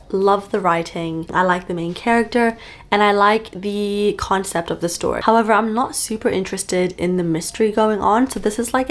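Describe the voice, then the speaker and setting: A young woman in her twenties chatting casually about a book she is reading, upbeat and full of fillers, recorded on a camera-mounted mic at home. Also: mid-range voice. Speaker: book vlogger. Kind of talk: casual reading vlog chat. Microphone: camera-mounted shotgun mic.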